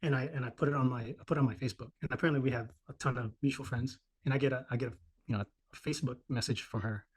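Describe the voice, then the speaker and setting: A man in his thirties telling a personal story in casual podcast chat, profane and animated, acting out the voices of people in it. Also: mid-range voice, rapid-fire, breathy edge.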